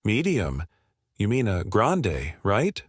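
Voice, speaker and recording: A man voicing a sarcastic young barista who sneers and taunts a customer, in a low-pitched voice with a dry sound. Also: wildly swooping pitch, takes it slowly, breathy edge, dry recording, full character voice. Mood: mocking.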